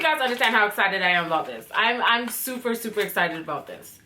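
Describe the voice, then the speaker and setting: A Canadian woman in her twenties gushes through a first-impressions beauty product vlog, chatty and casually swearing. This beauty vlogger has a medium-pitched voice, talks fast, and there's slight background noise.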